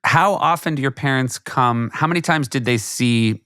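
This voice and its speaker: A man's voice: medium pitch, normal speed, pushed and bright, smooth. A man in his fifties hosts a casual podcast. He asks friendly questions and laughs easily, and his voice sounds close and dry with no room echo. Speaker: podcast host.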